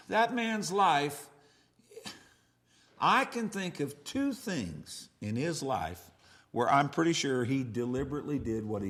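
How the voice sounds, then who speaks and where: A man with a high-sitting voice preaches a revival sermon as a pastor. He tells stories and swings between loud outbursts and hushed asides.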